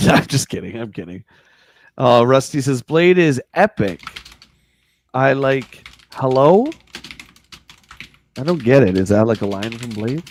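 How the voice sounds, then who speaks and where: Jokey man with a lively voice. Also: medium pitch, slow pace, long pauses. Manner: jokey, reads articles aloud with sarcastic asides. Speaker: podcast co-host. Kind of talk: casual livestream chat reading a magazine.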